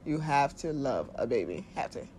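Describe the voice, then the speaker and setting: A woman's voice: extremely low pitch, big pitch swings, normal speed, a little mellow, slight background noise. Blunt, foul-mouthed woman giving advice. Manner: blunt and profane, with frequent laughs; acts out quoted voices of body and soul. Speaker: spiritual self-help speaker. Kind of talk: casual advice monologue.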